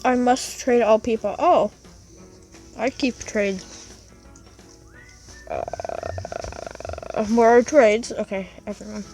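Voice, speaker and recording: Chatty high-voiced woman gaming. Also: measured pace, a little mellow, faint music behind. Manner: chatty, scolds and coos at her pet dog. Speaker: gaming vlogger. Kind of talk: casual gameplay commentary.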